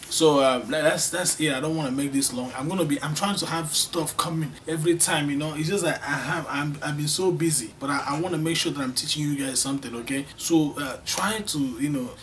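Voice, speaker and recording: A man's voice: on the high side, a little fast, few pauses, fairly bright tone, recorded from a distance, a little hiss or hum. A man teaching an online language lesson, drilling phrases by repetition with playful teasing asides. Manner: emphatic, repeats phrases for drilling.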